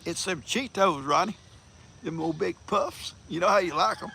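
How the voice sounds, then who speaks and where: A man's voice: sits high, lively intonation, moderate pace, vocal fry, bright, forceful tone, slight background noise. An older man, hosting a casual livestream, folksy and teasing, laughing often as he greets viewers. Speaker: livestream host.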